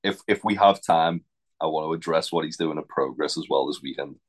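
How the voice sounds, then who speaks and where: A man's voice: very deep voice, fairly quick. A man co-hosting a podcast, laid-back and casual, swearing and laughing now and then. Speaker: podcast co-host. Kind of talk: casual wrestling podcast chat.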